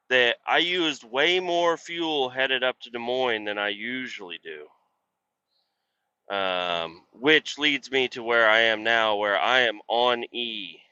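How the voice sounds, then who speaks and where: A man talking while driving his truck, cursing and ranting at other drivers on the highway. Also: bright, forceful tone, clear, resonant tone, no echo, lo-fi sound. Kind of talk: casual driving vlog. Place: inside a truck cab on the highway.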